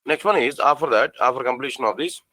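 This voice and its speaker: A man teaching a programming class, spelling out code slowly and asking the students questions again and again. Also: medium pitch, animated, pushed and bright, no echo, low-quality recording. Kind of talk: live coding lesson.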